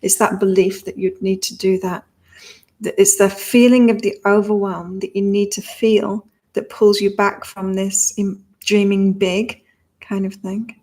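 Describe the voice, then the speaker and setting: A woman's voice: mid-range voice, level tone, measured pace, mellow. A woman in her fifties with an accent halfway between British and Australian, chatting on a live stream while giving psychic readings to viewers. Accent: mix of British and Australian. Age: 50s. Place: home in southern Thailand.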